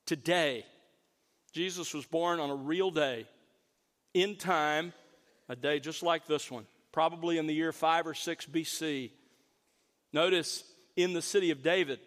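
A man preaching a sermon, slowing down to stress key words. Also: on the high side, fairly bright tone, long reverb tail. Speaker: pastor.

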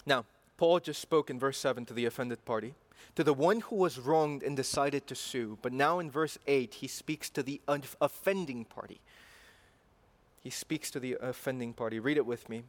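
A man's voice: mid-range voice, normal speed, hardly any pauses. A man preaching a sermon in an earnest way, repeating phrases and building to emphatic passion.

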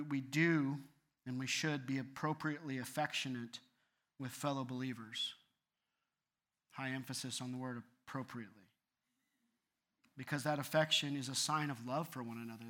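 A man's voice: medium pitch, bright, forceful tone. A man preaching an earnest sermon as a pastor, building to fervent appeals.

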